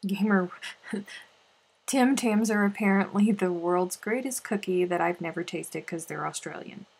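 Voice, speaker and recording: Husky-voiced woman chatting on a livestream. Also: on the low side, unhurried, a little mellow. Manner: reads viewer comments aloud, playful and chatty. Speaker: crochet livestream host. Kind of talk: casual live-stream chat.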